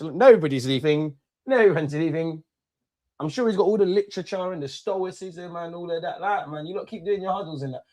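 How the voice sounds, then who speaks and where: During a live football watch-along, a young male streamer rants and mocks rival fans in brash banter thick with London slang. His voice is on the high side and a little mellow, in a dry recording.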